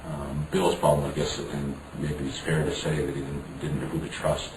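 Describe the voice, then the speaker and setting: A man's voice: a bass voice, flat delivery, normal speed. A man being interviewed, telling a story frankly with some swearing and acting out what others said. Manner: frank, profane, acts out dialogue. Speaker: interview guest. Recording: roomy, distant mic, background noise.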